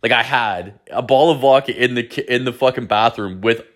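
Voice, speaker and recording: A man's voice: mid-range voice, a little fast. Profane, rambling young man. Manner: heavy swearing, rambling and animated. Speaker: podcast host. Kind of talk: casual storytelling.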